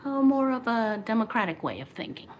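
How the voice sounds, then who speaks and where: A woman's voice: fairly high pitch, very animated, fairly quick, dull audio, slight background noise, voice pushed up. Vanellope, a breezy young racer girl, as a woman puts her on. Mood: easygoing. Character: spunky young girl racer princess, cartoon.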